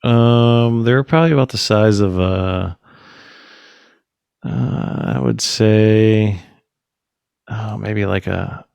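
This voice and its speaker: A man with a low, gravelly voice, hosting a casual podcast chat. He tells stories with energy and acts out the other people's lines. The sound is close and dry. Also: slow pace, pauses often, no echo, highs cut off. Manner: animated storyteller, acts out quotes, swears casually. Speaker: podcast host.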